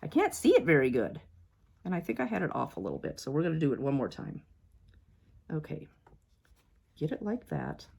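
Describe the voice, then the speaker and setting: A woman with a low-pitched voice talks her viewers through a quilting project as she works. She chats casually and frets over each step. Then she reassures herself that it will turn out fine. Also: wildly swooping pitch, a little fast, vocal fry, long pauses, a little mellow, breathy edge. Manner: chatty, self-doubting, talks to viewers as "you guys". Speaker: quilting vlogger. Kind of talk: casual talk-along while sewing.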